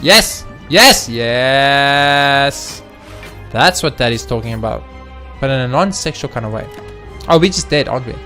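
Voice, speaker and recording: A man's voice: mid-range voice, fast, soft background music. A man hosting a let's play video, commenting casually on his game, cheering, swearing and talking to the enemies. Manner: excitable, swears, talks to the game. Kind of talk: gaming commentary.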